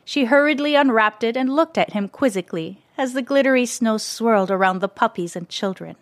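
A woman narrating a children's story in a gentle, expressive way, close to the mic. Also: fairly high pitch, brisk, dry recording.

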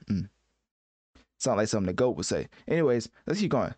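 A man's voice: medium pitch, animated, fast, darkish tone, no room sound. A man giving casual, joking reaction commentary on a music album, self-mocking and full of fillers like "right?" and "you know.".

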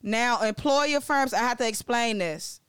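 A young woman from Maryland hosting a casual educational vlog, excitable and joking, often digressing and swearing as she talks. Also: on the high side, measured pace, smooth, no room sound, clean studio sound. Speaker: vlogger presenting facts on Black-owned businesses.

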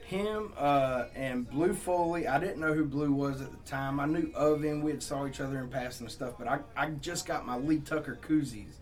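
A man's voice: mid-range voice, normal speed, hardly any pauses, far from the mic. A young man from Southeast Georgia with a Southern accent, a country songwriter rambling through stories in casual podcast chat, laughing and cursing as he goes.

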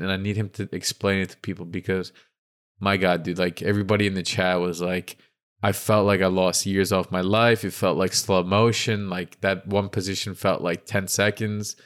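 A man co-hosting a casual football podcast, animatedly retelling match moments in a chatty play-by-play way. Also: deep voice. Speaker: podcast co-host. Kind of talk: casual sports podcast chat.

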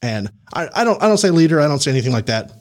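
Animated man coaching in casual talk. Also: fairly high pitch, very fast. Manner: animated, laughing, acts out quoted people. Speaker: podcast host and career coach.

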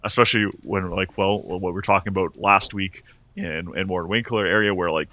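A man's voice: low-pitched, fairly even intonation, a little fast, bright, forceful tone, dry recording. A young man co-hosting a casual film review podcast, rambling and restarting his sentences often. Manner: rambling, restarts often, laughs between points. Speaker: podcast co-host.

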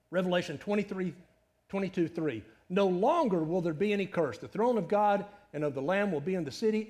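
A middle-aged man preaching a sermon in a conversational, animated way, full of rhetorical questions. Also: sits high. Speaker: pastor.

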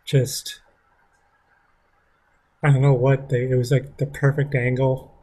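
A man's voice: medium pitch, flat delivery, slow pace, mellow. A man casually telling a story from his school days, rambling with frequent swearing. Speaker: vlogger.

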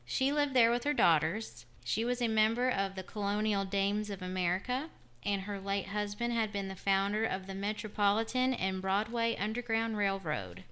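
A woman's voice: mid-range voice, normal speed, sharp tone, clean tone. A middle-aged woman hosting a casual podcast, rambling and drifting off topic as she tells a story. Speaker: podcast host.

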